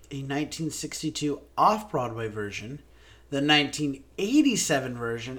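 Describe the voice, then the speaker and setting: A man's voice: on the high side, a bit bright. A man co-hosting a theater podcast, playful and fond of puns. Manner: playful, punning, sings snatches of show tunes. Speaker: podcast co-host. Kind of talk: scripted podcast discussion.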